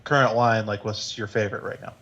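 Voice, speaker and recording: Fast-talking low-voiced man. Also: steady tone, fairly bright tone, dull audio. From North Carolina. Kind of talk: casual livestream chat.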